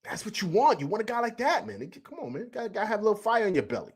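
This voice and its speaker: A man's voice: high voice, big pitch swings, racing, husky. A man hosting a live stream, chatting casually in slang, repeating himself and answering viewers from the chat. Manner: loose slangy talk, repeats himself, reads chat aloud.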